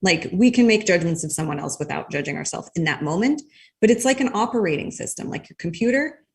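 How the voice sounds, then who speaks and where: A woman guest explaining her ideas in a thoughtful, measured way during a conversation. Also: fairly low pitch, expressive, vocal fry, darkish tone. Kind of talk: conversational interview.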